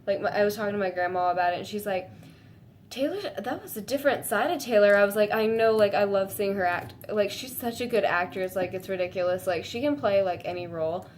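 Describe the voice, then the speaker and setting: A woman vlogging to her viewers in a gushing, excitable way, full of "like" fillers and breaking into high squeals. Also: fast, hardly any pauses, a little hiss or hum. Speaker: fan vlogger. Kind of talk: casual chat to camera.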